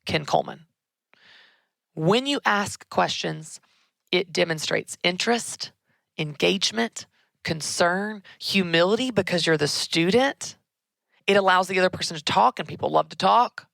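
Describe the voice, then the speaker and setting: A woman, hosting a show and giving emphatic, animated career advice. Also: fairly low pitch, gravelly, no room sound. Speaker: podcast host. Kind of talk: conversational advice.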